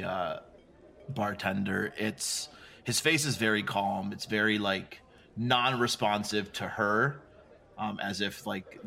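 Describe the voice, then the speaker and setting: A low, gravelly man playing a tabletop game, talking in a flat, calm way. He hesitates often with fillers as he describes his character. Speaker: player.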